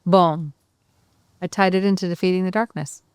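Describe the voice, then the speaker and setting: Podcast host lady, super clean crisp voice, dry close sound, jokey and giggly. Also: on the low side, steady tone, moderate pace, a little mellow, no room sound. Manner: playful, laughs often while talking. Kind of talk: casual chat.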